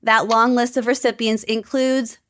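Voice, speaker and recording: A woman's voice: on the high side, flat delivery, moderate pace, fairly bright tone, no room sound, clean studio sound. A young adult woman co-hosting a podcast, reading out a story with quotes and adding chatty asides. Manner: reads facts and quotes, then adds chatty asides. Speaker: podcast co-host.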